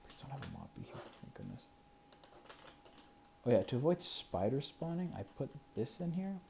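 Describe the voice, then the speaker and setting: Muttering to themselves over gameplay, a creator counts under their breath, chuckles, and now and then slips into a whisper. The mid-range voice swoops wildly in pitch at a normal speed, sounding gravelly yet mellow. A little hiss or hum sits in the recording.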